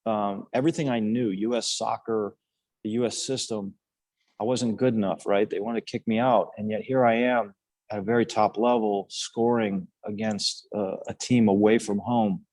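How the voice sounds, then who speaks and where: A man's voice: lowish voice, fairly even intonation, moderate pace, darkish tone, dry recording. An older man, a former national team player, telling his story casually on a podcast, earnest and rambling with many restarts and fillers.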